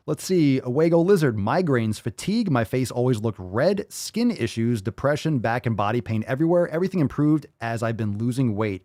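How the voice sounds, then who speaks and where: A man's voice: medium pitch, lively intonation, brisk, few pauses, warm tone, no echo, studio quality. A man hosting a livestreamed podcast, ranting with constant profanity and sarcasm while reading viewer comments. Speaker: podcast host. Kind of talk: livestream rant.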